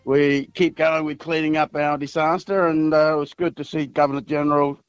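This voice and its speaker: A man who is a mayor, chatting casually as a radio guest in an easygoing, halting way, often calling people mate. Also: a little high, level tone, clear, resonant tone, no room sound, highs cut off, faint music behind.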